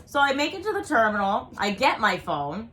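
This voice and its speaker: A young woman telling a story casually, quick and breathless, saying "like" a lot. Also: on the high side, sing-song, a bit bright.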